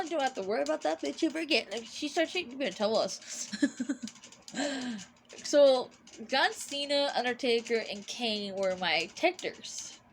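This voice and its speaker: A woman's voice: fairly high pitch, a bit bright, slight background noise. A young woman telling a personal story in a casual, rambling way, with many restarts and fillers. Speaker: vlogger.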